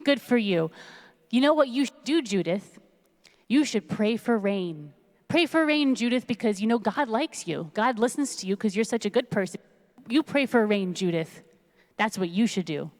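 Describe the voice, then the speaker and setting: A woman's voice: a little high, animated, normal speed. Woman doing a blustering small-town sheriff. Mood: patronizing. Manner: patronizing, blustery. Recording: long reverb of a large hall.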